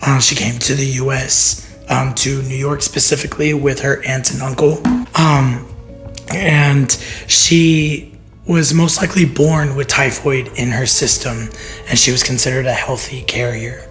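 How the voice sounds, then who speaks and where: A man with a hoarse, strained voice talks loosely and crudely, wandering off into tangents and jokes as he tells a story on a podcast. His pitch sits in an ordinary middle range for a man, and his delivery stays casual throughout. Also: fairly even intonation, unhurried, a bit bright, soft background music. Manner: profane, joking, rambling. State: hoarse, voice half gone. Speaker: podcast co-host. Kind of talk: casual chat.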